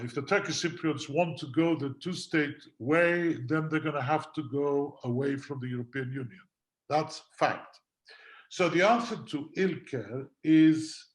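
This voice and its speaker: Measured man arguing on a webinar panel. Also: mid-range voice. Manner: measured, argues point by point with frequent fillers. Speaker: guest lawyer on a panel. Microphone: video call.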